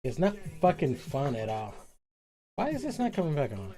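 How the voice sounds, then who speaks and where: Male streamer, laid-back rambling chat, lively pitch, swears a lot. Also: moderate pace. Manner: rambling, swears freely, self-mocking. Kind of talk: casual gaming stream chat.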